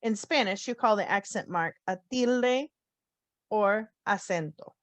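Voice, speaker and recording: A woman teaching a phonics lesson, slowly spelling out letter sounds with clear, deliberate enunciation. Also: medium pitch, dry recording. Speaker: Spanish teacher. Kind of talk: slow, careful phonics lesson.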